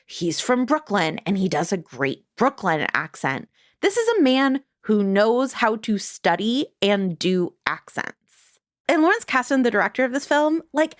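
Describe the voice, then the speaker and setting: A middle-aged woman hosting a podcast, moving from a scripted intro into playful, wry chat with quick asides. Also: on the high side, no echo, studio quality. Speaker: podcast host.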